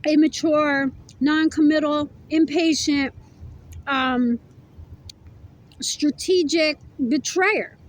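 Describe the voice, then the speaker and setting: A woman's voice: high-pitched, steady tone, slow, pauses often, low-quality recording. A woman giving a casual tarot reading to camera, blunt and profane, chewing food while she talks. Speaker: tarot reader.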